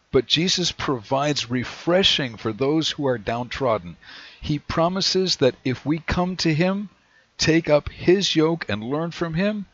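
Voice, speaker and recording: A man preaching a sermon in a measured way, slowing down whenever he reads scripture aloud. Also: mid-range voice, fairly bright tone, no echo. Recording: dry, dull lo-fi recording.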